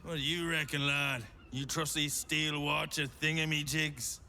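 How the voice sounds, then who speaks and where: A man's voice: a little high, flat delivery, unhurried, sharp tone, full character voice. A man voicing a folksy, grumbling workman in a fantasy video game. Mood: wary.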